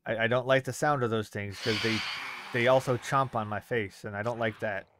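A man's voice: mid-range voice, fairly even intonation, a little fast, background noise. Easygoing man chatting while gaming. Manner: easygoing, plain-spoken, a little rambling. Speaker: co-op gaming partner. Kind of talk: casual co-op gaming chat.

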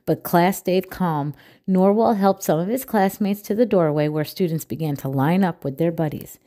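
A woman reading a children's picture book aloud with clear, expressive storytelling. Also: on the low side, normal speed.

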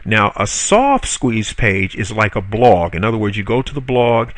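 A man's voice: fairly low pitch, big pitch swings, moderate pace, dry recording. A man giving a spoken marketing tutorial in a conversational, salesy way, with frequent fillers, self-corrections and rhetorical questions to the viewer. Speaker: online marketing instructor.

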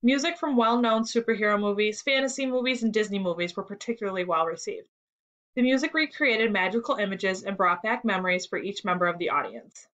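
A woman's voice: mid-range voice, brisk. Woman reading a class story aloud. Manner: steady, clear storybook reading. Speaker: teacher.

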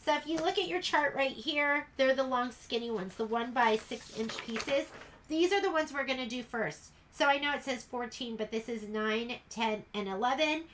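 A woman's voice: high voice, moderate pace, fairly bright tone, a little hiss or hum. A woman teaching a casual sew-along in her sewing room, chatty and rambling as she works. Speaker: sewing instructor.

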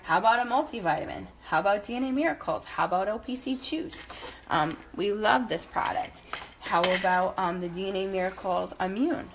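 A woman's voice: mid-range voice, expressive, brisk, background noise. A woman in her thirties giving a house tour while walking room to room, chatty and upbeat, a little out of breath, checking in with "okay?" and "guys" often. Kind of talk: casual product tour talking to camera.

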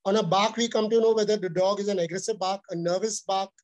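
A man's voice: high-pitched, fairly even intonation, fast, darkish tone, highs cut off. A middle-aged man with an Indian accent, earnestly lecturing dog owners in a webinar and repeating his key points. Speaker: dog trainer giving a webinar talk. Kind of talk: instructional webinar talk.

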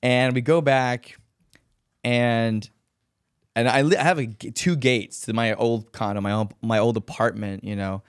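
A man guesting on a podcast, telling lively stories full of fillers and putting on high voices for quotes. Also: measured pace, clear, resonant tone, no room sound, clean studio sound. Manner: animated storyteller, acts out quotes in high voices, many fillers. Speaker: podcast guest, professional dancer. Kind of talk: casual chat, storytelling.

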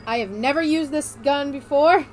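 A woman's voice: sits high, normal speed, a little hiss or hum. A woman streaming a game with a friend, chatting casually and swearing when things go wrong. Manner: swears often, swings between frustration and cheer. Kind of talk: casual gameplay chat. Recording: game music playing behind.

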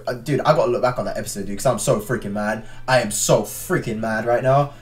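A man's voice: mid-range voice, a little fast, bright, forceful tone. A man giving let's play commentary, thinking aloud and ranting in frustration, with frequent restarts and muttered swearing. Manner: frequent restarts and swearing under his breath. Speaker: gaming channel host.

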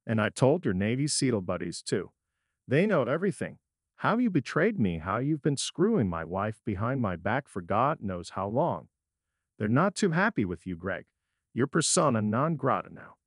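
A man's voice: mid-range voice, sing-song, moderate pace, no room sound, clean studio sound. A man reading a cold, bitter betrayed husband. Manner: cold and cutting.

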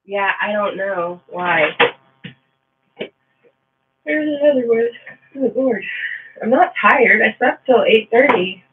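A man's voice: sits high, lively intonation, slow, long pauses, distant mic. A man hosting a live sewing stream, chatting casually with his viewers and repeating himself as he jokes at his own expense. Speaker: livestream sewing host. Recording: tinny phone-like line with faint mains hum.

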